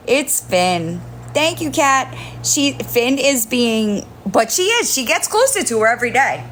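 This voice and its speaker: A woman hosting a casual livestream from home on her phone, switching between high sing-song baby talk to her kittens and chatty remarks to viewers. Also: slight background noise. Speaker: livestream host.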